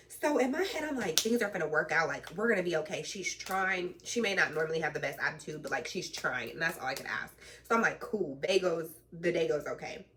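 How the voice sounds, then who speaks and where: A woman in a casual storytime vlog, chatty and animated, full of slang and the odd curse word. Her voice is bright and sits on the low side, and she sounds a little way back from the mic. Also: a little fast, few pauses, recorded from a distance, a little hiss or hum. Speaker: truck driver in training.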